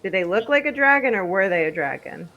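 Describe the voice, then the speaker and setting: A woman taking part as a player in a tabletop game, chatty with quick asides. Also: mid-range voice, expressive, sharp tone, muffled recording.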